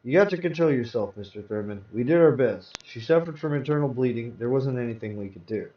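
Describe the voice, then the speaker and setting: A man playing a calm, firm hospital doctor. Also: medium pitch, natural voice. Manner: measured, matter-of-fact. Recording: roomy, distant, dull sound.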